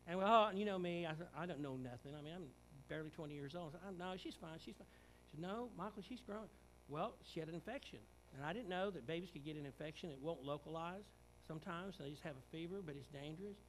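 A man preaching a sermon as pastor, swinging from quiet reflection to emphatic, rising declarations and acted-out quotes. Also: fairly high pitch, fast talker, hardly any pauses, slight background noise, poor audio.

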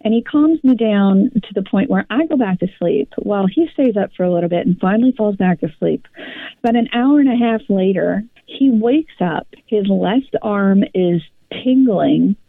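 A woman co-hosting a podcast, telling a personal story in an animated, rambling way with many restarts. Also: mid-range voice, moderate pace, creaky, no room sound. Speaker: podcast co-host. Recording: dry, phone-like line.

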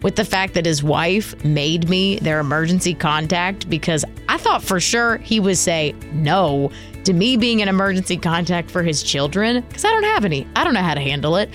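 A woman's voice: lowish voice, sing-song, moderate pace, soft background music. A woman co-hosting a radio show podcast, chatting casually, chatty and self-deprecating. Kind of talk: casual chat.

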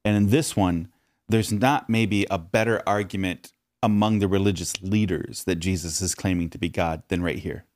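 A man's voice: low voice, fairly even intonation, normal speed, darkish tone, dry recording, studio quality. A man casually explaining a Bible passage to his co-host. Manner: explanatory, with short agreeing backchannels. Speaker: podcast co-host.

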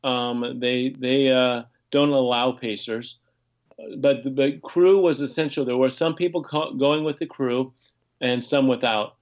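A man's voice: mid-range voice, fairly even intonation, a little slow, muffled recording. A man, an ultrarunner from the United States, guesting on a podcast and telling his stories in a rambling, casual way with frequent restarts. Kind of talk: casual conversation.

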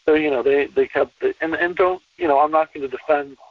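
A man talking as a podcast guest in a relaxed conversational interview, emphatic and repeating phrases to drive points home. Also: on the high side, a little fast, dry recording. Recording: distant, tinny phone-line sound.

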